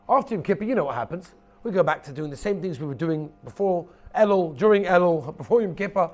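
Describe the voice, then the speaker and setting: Animated man giving a Torah class. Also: fairly high pitch, fast. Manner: emphatic, repeats key phrases, acts out stories. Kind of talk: lively Torah lecture.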